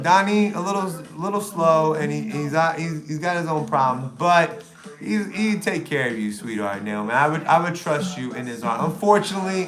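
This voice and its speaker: A middle-aged man rants on his livestream, taunting and swearing as he rambles. His voice sits high for a man, and faint music plays behind him. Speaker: livestream host. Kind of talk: profane livestream rant.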